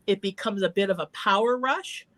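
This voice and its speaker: Woman host on a call-in show, earnest and encouraging, mid-pitched, chatty. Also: moderate pace, fairly bright tone. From Irish heritage. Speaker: psychic talk show host.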